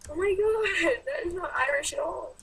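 A woman's voice: very high voice, lively intonation, normal speed, creaky, a bit bright. A young woman co-playing a video game, chatting, laughing and calling out the action. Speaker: co-player. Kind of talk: casual gameplay commentary.

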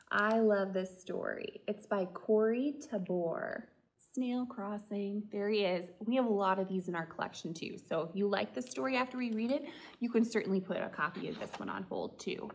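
A woman, a children's librarian, reading a picture book aloud and asking the children gentle questions. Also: medium pitch, lively intonation, normal speed. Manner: gentle, talks directly to children. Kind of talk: storytime read-aloud.

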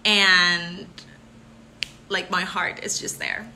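A woman in her twenties from Puerto Rico, chatting casually and warmly with fans, full of "um" and "like". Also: mid-range voice, measured pace, background noise. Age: 20s. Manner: chatty, upbeat, many fillers like "um" and "like". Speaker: pageant contestant. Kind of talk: casual live chat with fans.

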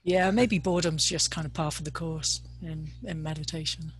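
Her voice sits low with a breathy edge, fairly even intonation, and a moderate pace. She is a meditation teacher leading a casual video-call discussion, speaking hesitantly as she searches for words.

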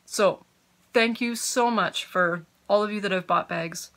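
Bright-voiced chatty woman podcaster. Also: mid-range voice, moderate pace. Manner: chatty, giggly, easily sidetracked. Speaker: podcast host. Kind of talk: casual chat. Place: home.

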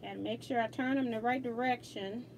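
Chatty high-voiced woman hosting a sewing stream. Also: steady tone, brisk, a little mellow, a little hiss or hum. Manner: chatty, laughs often, reads viewer comments aloud. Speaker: quilting livestream host. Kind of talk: casual livestream chat while sewing.

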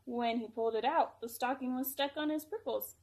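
A woman reading a picture book aloud to children, gentle and expressive. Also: high-pitched, brisk.

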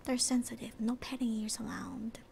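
A female livestreamer chatting in whispered role-play, soft and bubbly, at home at night. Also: fairly high pitch, flat delivery, moderate pace, gravelly, a little hiss or hum.

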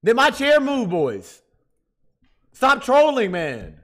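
A man's voice: extremely high pitch, wildly swooping pitch, takes it slowly, fairly bright tone. A man streaming a game, tipsy from drinking and talking to his chat in a rowdy, profane way. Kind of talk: casual gaming livestream chat.

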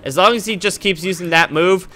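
A man giving goofy, excitable commentary while playing a video game. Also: high-pitched, a little fast. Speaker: gaming YouTuber. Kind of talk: casual let's-play commentary.

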